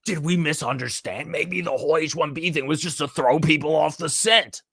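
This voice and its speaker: A man's voice: on the high side, moderate pace, a bit bright, husky, no room sound, studio quality, voice pushed up. A man putting on a mocking voice of an anxious, doubting male online commenter, whiny and questioning. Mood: fretful.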